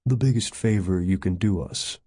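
A man's voice: deep voice, moderate pace, warm tone, slightly rough, no echo. A man reading an audiobook, voicing a dry, sardonic male colleague.

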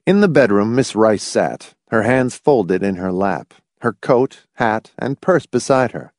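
A man narrating an audiobook with a measured, expressive reading. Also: lowish voice, dry recording, studio quality.

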